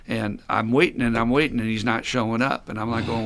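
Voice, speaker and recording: A man's voice: mid-range voice, steady tone, fast, creaky, fairly bright tone. A man hosting a podcast about recovery, speaking bluntly, swearing freely and telling stories from his time as a sponsor. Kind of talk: candid podcast conversation.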